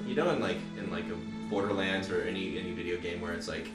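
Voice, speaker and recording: A man's voice: sits low, quick pace. Rambling man running a tabletop game. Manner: rambling with many fillers. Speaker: game master. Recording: echoey room with music.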